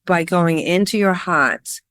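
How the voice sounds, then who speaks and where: A woman photographer being interviewed, talking in a rambling, animated storytelling way with lots of fillers. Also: lowish voice, takes it slowly, dry recording, clean studio sound. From Worcester, Massachusetts area. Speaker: guest, photographer. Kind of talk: casual interview chat.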